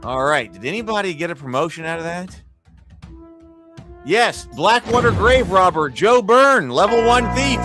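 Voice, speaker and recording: Over background music, a high-voiced man runs a live tabletop arena battle as game master, calling hits and damage play-by-play at a moderate pace. He's excitable, cheering on the dice and pleading over the results.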